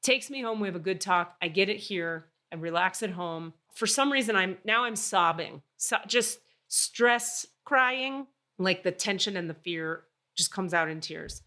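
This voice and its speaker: A woman hosting a podcast, telling a story in casual chat, animated and swearing freely. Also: mid-range voice, unhurried, few pauses. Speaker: podcast host.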